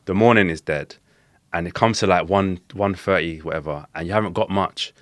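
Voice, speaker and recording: A young man, his voice sitting very low. He rattles through his stories at a quick clip, slangy and animated, and the recording is dry and close. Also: no echo. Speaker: podcast guest, street interviewer. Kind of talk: casual storytelling chat.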